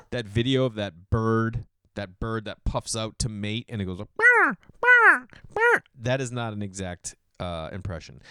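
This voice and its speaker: A Boston podcast host and comedian delivers a loose, comedic monologue in a smooth, resonant voice, recorded close and dry with no room sound. He rambles, gets loud for acted-out bits, sinks into low mumbles, swears casually, and calls everyone dude.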